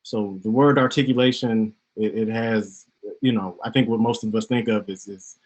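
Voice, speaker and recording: Male moderator, husky voice, relaxed explainer with lots of fillers, video call sound. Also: fairly low pitch, moderate pace, lo-fi sound. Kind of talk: online panel discussion.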